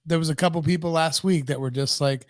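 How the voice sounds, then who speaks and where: A woman's voice: deep voice, fast, dry recording, clean studio sound. A woman co-hosting a podcast, chatting casually and playing up mock indignation. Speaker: podcast co-host. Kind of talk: casual chat.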